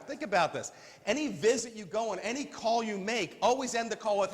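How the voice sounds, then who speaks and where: A man giving a live marketing seminar for staffing recruiters, animated and jokey, emphatic as he teaches. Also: high voice, fairly quick. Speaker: staffing industry trainer. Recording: long hall reverb.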